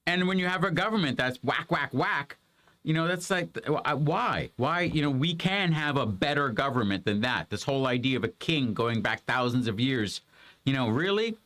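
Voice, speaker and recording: A man's voice: a little high, a little fast. A man giving a casual, rambling history lesson to a child, with lots of fillers and restarts. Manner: animated, rambling, many fillers. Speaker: homeschool parent teaching history.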